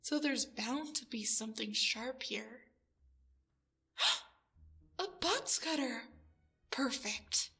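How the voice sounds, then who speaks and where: Captive girl, voiced by a woman, audio drama; high bright voice, slow delivery, stammers. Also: gravelly, breathy edge, exaggerated voice. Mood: tense, frightened. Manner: whispery, breathless and stammering. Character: frightened young woman held captive. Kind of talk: audio drama role-play.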